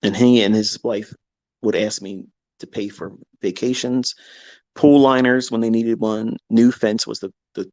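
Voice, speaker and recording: A man, a trading educator, telling a candid personal story in a blunt, profane, animated way. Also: fairly low pitch, unhurried, no echo, poor audio.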